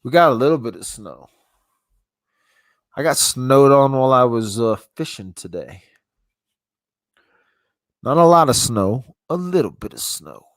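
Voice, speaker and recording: A man's voice: medium pitch, expressive, a little slow, long pauses, no echo. A man with a stuffy nose from a cold, hosting a casual live-stream chat, rambling, laughing often and restarting his sentences. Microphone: phone.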